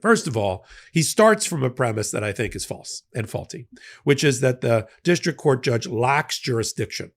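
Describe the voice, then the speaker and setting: A middle-aged man giving a legal analysis commentary, unpacking a court ruling step by step with frequent fillers and restarts. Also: mid-range voice.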